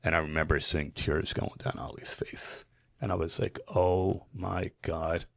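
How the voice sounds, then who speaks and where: A man from New Jersey, a podcast guest, telling a story in earnest, animated style with frequent fillers. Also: very deep voice, moderate pace, gravelly, whispered. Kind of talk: emotional storytelling in conversation.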